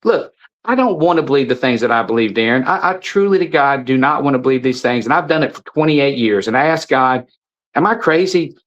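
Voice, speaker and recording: A man's voice: medium pitch, lively intonation, a little fast, a bit bright, dull audio. A man, an interview guest, telling a story with emphatic, preachy urgency, often stumbling and repeating words. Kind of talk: impassioned storytelling in conversation.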